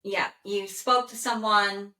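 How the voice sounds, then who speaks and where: A woman working as an animal communicator, calmly relaying a dog's messages in first person and pausing often with "okay". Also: mid-range voice. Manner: calm, soothing, with frequent "okay" pauses. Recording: roomy echo.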